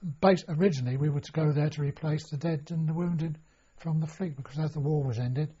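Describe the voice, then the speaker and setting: An older man recounts his memories at an unhurried, wandering pace, pausing on fillers and restarting his sentences. His voice sits a little high for a man, yet it sounds mellow and husky. The recording itself is dull and lo-fi. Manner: rambling storytelling with many fillers and restarts. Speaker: interviewee. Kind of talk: oral history reminiscence.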